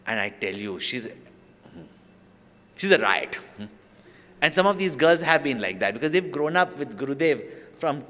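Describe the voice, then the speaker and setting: A man's voice: medium pitch, big pitch swings, moderate pace, long pauses, sharp tone. Man telling stories in a reverberant hall. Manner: storytelling with acted quotes and laughter. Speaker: swami giving a talk. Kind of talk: anecdotal spiritual talk.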